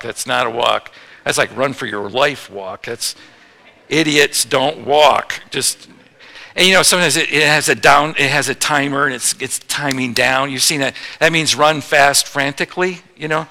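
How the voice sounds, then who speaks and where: Bright-voiced preacher man in a hall. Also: mid-range voice, normal speed, gravelly. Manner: humorous storytelling preacher, acts out quotes. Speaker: pastor. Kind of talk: sermon. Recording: long hall reverb.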